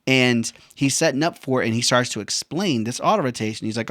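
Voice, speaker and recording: A man's voice: medium pitch, brisk, fairly bright tone, dry recording, studio quality. A veteran man telling a personal story in a casual, slangy way, often saying bro and man. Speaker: veteran vlogger.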